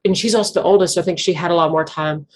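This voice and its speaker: A woman's voice: on the low side, fairly even intonation, very fast, a little mellow. A young woman with a Southwest Virginia Appalachian accent, talking earnestly and at length as an interview guest, full of "like" fillers. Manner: rambling, earnest, heavy use of "like" fillers. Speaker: interview guest, banjo musician. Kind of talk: casual conversational interview.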